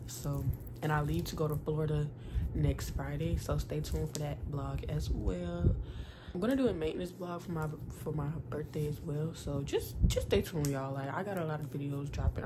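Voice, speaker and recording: Brief: woman in her 20s, easygoing vlogger who rambles, calls viewers y'all and baby, phone audio with plenty of background noise. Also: sits low. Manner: chatty and slangy, addresses viewers as y'all and baby. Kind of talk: casual vlog talk to viewers. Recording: noisy phone vlog audio.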